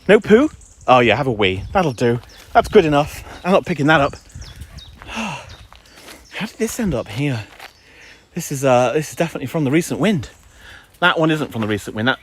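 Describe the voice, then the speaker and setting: A man with a medium-pitched, sing-song voice speaks at a moderate pace, leaving long pauses. He's livestreaming a dog walk outdoors in the woods on a handheld phone, chatty and ranting, with some playful crude language in his casual walking talk.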